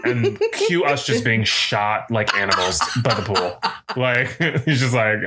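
A man's voice: lowish voice, lively intonation, unhurried, very noisy. A man co-hosting a podcast, chatting casually about a movie and acting out quoted characters in a jokey way. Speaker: podcast co-host. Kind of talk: casual chat recapping a movie.

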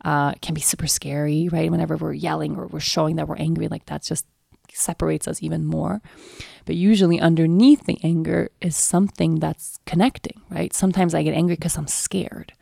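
A woman's voice: deep voice, fairly even intonation, a little fast, creaky, mellow, slightly rough, no room sound, studio quality. A woman in her thirties, speaking as a parent in a candid, reflective monologue full of "you know" fillers.

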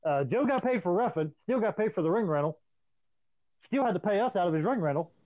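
A man casually swapping profane stories in an animated, storytelling way. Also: high voice, fast talker, a little hiss or hum. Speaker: podcast host. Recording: dry, tinny phone-like line.

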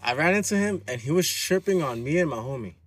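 A man's voice: a little high, animated, fast, slight background noise. A man telling a profane, slangy story in casual chat.

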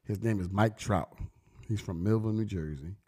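A man's voice: lowish voice, moderate pace, warm tone, slightly rough. A middle-aged man vlogging in casual, slangy street talk, telling stories emphatically and preaching to his listeners. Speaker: vlogger and brand owner.

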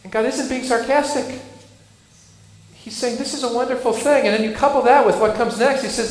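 A man preaching a sermon, earnest, rising loud and dropping soft for emphasis. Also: high-pitched. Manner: earnest, builds and drops volume for emphasis. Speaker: pastor. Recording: echoey hall with faint noise.

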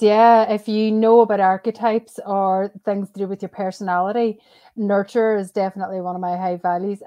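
A Northern Irish woman in her thirties, a mindset coach talking cheerfully as a podcast guest. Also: mid-range voice. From Northern Ireland. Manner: warm, cheerful, laughs easily. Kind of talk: conversational interview.

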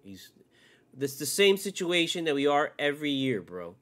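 A man hosting his own sports podcast alone, ranting with constant swearing, jumping from loud outbursts to low mutters. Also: very animated, normal speed. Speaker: podcast host. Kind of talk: solo sports rant.

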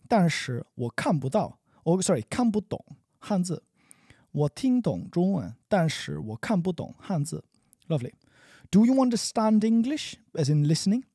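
A man teaching a spoken language lesson, repeating each phrase slowly for practice. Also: on the high side, mellow, no room sound, clean studio sound.

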